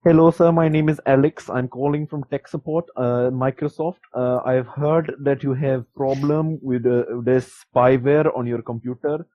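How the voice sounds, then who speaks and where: A man's voice: medium pitch, steady tone, moderate pace, few pauses, no echo, natural voice. A man voicing an overly polite male phone scammer with a put-on Indian accent and stiff, formal phrasing. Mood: mock formal. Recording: dull lo-fi sound.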